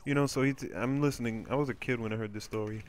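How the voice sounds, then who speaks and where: A man's voice: mid-range voice, steady tone, quick pace. A man commentating over gameplay, telling a rambling, crude story in a casual way.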